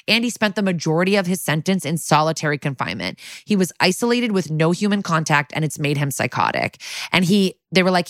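A woman, co-hosting a podcast and retelling a TV episode scene by scene. She slips into quick character voices for the quoted lines. The sound is dry and close. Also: low-pitched, lively intonation, fairly bright tone, no echo. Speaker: podcast co-host. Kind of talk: casual episode recap.

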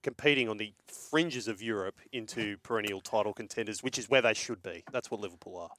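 A man giving measured, confident football analysis on a radio show. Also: lowish voice, a bit bright, slight background noise. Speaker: football pundit. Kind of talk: sports analysis.

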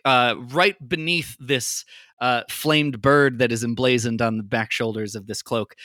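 Man, game master, tabletop game narration, relaxed with fillers, bright tone, dry close sound. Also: medium pitch, dry recording. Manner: relaxed, many ums and uhs.

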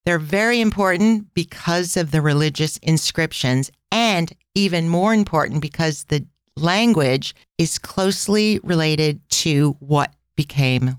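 Chatty woman hosting a podcast, smooth voice. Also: deep voice, dry recording, studio quality. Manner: chatty storytelling with tangents and asides. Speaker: podcast host. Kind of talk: casual travel podcast chat.

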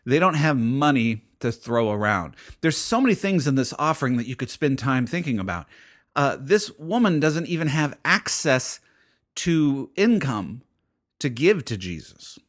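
A man's voice: mid-range voice, very animated, a little slow. Conversational male pastor preaching. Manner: conversational, thinking aloud with frequent restarts. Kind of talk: sermon.

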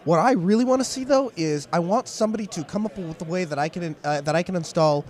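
A man co-hosting a podcast live at a tech convention, giving quick, agreeable replies. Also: high voice, lively intonation, a little mellow, faint music behind. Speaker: podcast co-host. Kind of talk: casual live show banter.

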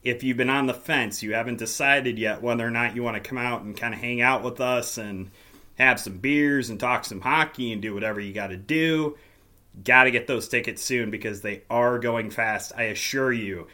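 A man hosting a podcast in casual solo talk, his voice hoarse and raspy as it gives out, with wry self-deprecating humor. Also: mid-range voice, normal speed, pushed and bright. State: hoarse, voice giving out. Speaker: podcast host.

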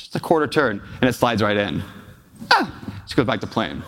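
Expressive and fast, with a fairly low pitch and a fairly bright tone, a real estate investor addresses a live audience in a large hall. His keynote is built on emotional personal stories and questions for the crowd, and the recording carries long hall reverb.

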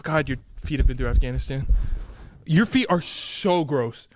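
A man's voice: medium pitch, expressive, normal speed, slight background noise. A young man co-hosting a podcast, teasing and arguing back in casual banter. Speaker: podcast co-host. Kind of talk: casual chat.

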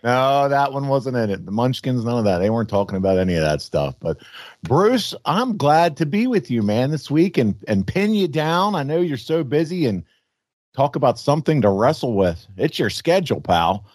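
An upbeat man hosting a podcast, chatting casually with a slightly froggy morning voice. His pitch moves around a lot as he talks. The sound is close and dry, with no room around it. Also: big pitch swings, normal speed, darkish tone, dry recording. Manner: upbeat, laughs easily. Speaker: podcast host.

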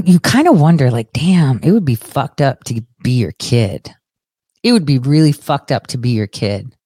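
A young woman giving a profane, sarcastic political rant in an animated, fast-shifting voice. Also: deep voice, no echo, clean studio sound. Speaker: political commentator. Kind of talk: ranting commentary.

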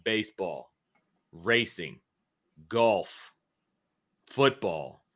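A man in his thirties hosting a sports talk show with lots of energy. His voice is bright and crisp, and he chats and tells stories in an animated way. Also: fairly low pitch, drawn-out words. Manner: energetic, chatty, animated storyteller. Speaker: podcast host.

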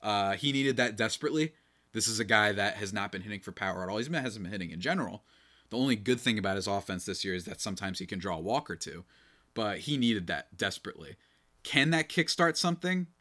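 A young man hosting a casual baseball podcast, talking in a rambling, animated way and often interrupting himself. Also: lowish voice, fast talker. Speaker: podcast host. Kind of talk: casual sports commentary.

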